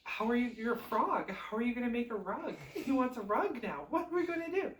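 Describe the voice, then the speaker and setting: A woman voicing an anxious young prince, the youngest son, who frets in rapid, exasperated questions. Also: high voice, roomy sound, slight background noise, natural voice. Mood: panicked.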